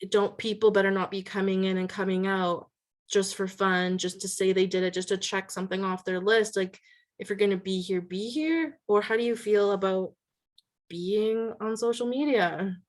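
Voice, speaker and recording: A woman's voice: fairly even intonation, normal speed. A woman hosting a casual interview, chatting with many fillers. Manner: chatty, many "like" fillers, quotes people in a higher voice. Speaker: podcast host.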